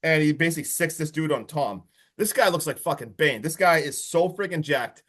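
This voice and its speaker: Guy on a podcast rambling thru a movie plot, kinda high voice, super hyped and casual. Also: a little fast. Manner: excited, rambling retelling full of "like" and "friggin'". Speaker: podcast co-host.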